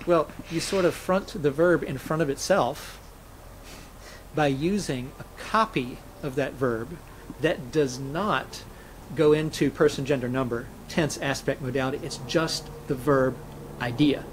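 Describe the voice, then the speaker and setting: Methodical man explaining grammar, slightly high. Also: unhurried, slight background noise, low-quality recording. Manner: methodical, explaining with spoken examples. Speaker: interview guest, Hebrew scholar. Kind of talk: explanatory interview talk.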